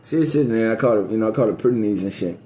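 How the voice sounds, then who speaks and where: Dark-voiced man telling a rambling profane story. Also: rapid-fire, a little hiss or hum. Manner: profane, loose storytelling that drifts between topics; rising pitch on excited story beats. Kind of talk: rambling casual monologue.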